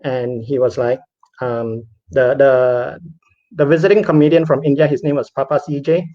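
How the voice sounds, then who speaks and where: A man's voice: medium pitch, fairly even intonation, moderate pace, dark tone. A man who is a comedian, telling a personal story in a chatty, self-deprecating way with many fillers. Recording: dull lo-fi recording.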